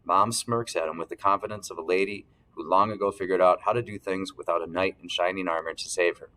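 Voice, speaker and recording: A man reading a first-person novel aloud as narrator, steady, clearing his throat now and then. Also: low-pitched, quick pace, rough recording. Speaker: audiobook narrator.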